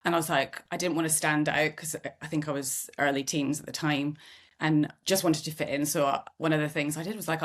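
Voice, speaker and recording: A middle-aged woman from Scotland hosts a conversational podcast in a low voice. She talks candidly and thoughtfully, with self-deprecating humour, in a relaxed, reflective way. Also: brisk. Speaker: podcast host.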